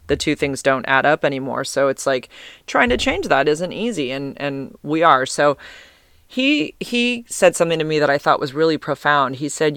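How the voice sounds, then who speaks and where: A man's voice: on the high side, very animated, moderate pace, a bit bright, clean tone, no room sound, clean studio sound. A man talking candidly to camera in a casual monologue, rambling with fillers and restarts and swearing for emphasis when heated.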